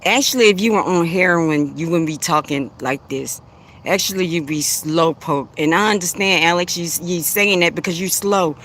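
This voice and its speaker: A man's voice: fairly high pitch, normal speed, fairly bright tone, slight background noise. A man hosting a live stream with speech, bluntly taunting commenters, laughing often and repeating himself. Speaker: live stream host giving spiritual readings. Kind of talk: casual live-stream talk addressing commenters.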